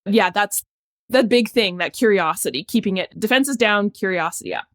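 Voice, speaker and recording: A middle-aged woman physician, a podcast guest, talking in a reflective, animated storytelling way with occasional laughs. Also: mid-range voice, moderate pace. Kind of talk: casual conversation.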